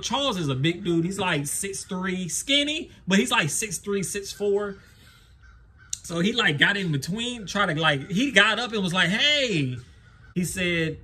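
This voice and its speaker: A man's voice: high-pitched, sharp tone, slight background noise. A young man, telling a wild story and laughing as he acts out the quotes. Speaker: lawn care vlogger. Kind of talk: animated storytelling.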